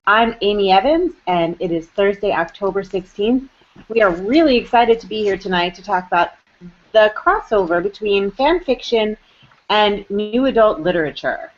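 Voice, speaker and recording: A woman's voice: medium pitch, animated, moderate pace. Cheery woman host on a video call, lo-fi muffled sound. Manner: bubbly, upbeat, laughs easily. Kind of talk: casual chat on a live web show. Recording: dull lo-fi web call audio.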